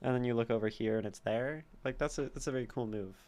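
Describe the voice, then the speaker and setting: A man streaming, reading a poem aloud and then explaining its meter, sounding out syllables slowly and carefully. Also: medium pitch, darkish tone. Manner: slow, deliberate reading with gravelly tone. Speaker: streamer critiquing poetry. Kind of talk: reading and teaching poetry.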